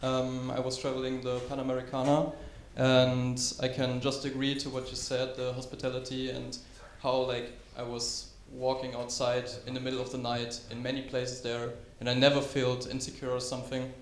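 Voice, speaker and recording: A man's voice: mid-range voice, completely flat delivery, normal speed, hardly any pauses. A man in the audience sharing a short personal story, hesitant and full of fillers. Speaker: audience member. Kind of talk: question from the floor. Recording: echoey hall with faint background noise.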